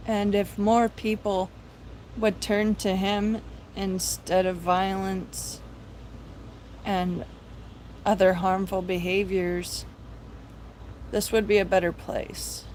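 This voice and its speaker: Slow, earnest preaching woman. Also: medium pitch, flat delivery, darkish tone, a little hiss or hum, poor audio. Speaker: live-stream host. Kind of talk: impassioned religious vlog talk.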